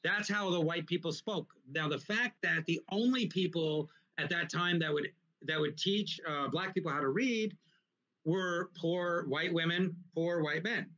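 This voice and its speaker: A man hosting a casual talk show, explaining points in an animated, lecturing way with frequent restarts. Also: a little high, a little slow, muffled recording. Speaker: podcast host. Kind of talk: casual conversation.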